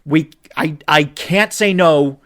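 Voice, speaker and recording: A young man co-hosting a casual podcast rants slowly, breaking into animated outbursts and swearing. He swings between loud shouts and low muttering.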